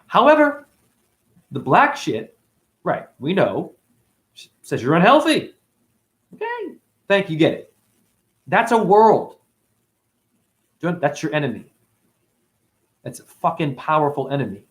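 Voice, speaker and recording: A man's voice: a little high, big pitch swings, unhurried, long pauses. Rambling, profane spiritual teacher man. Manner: rambling, profane, swings between loud and muttered. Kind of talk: rambling casual monologue.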